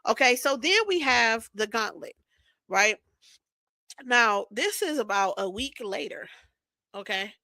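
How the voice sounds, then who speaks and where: A woman's voice: a little high, expressive, slow pace, long pauses, bright, forceful tone, dry recording. A woman recapping an online argument in a casual, profane, sarcastic rant, often checking in with "right?". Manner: combative, sarcastic, swears constantly. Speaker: vlogger.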